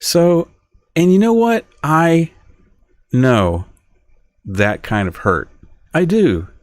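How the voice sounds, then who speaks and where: A middle-aged man hosts a solo podcast, rambling through a monologue in a highish voice whose pitch swoops wildly, stretching out his words. He sounds aggrieved, keeps interrupting himself and restarting, and the recording has no echo.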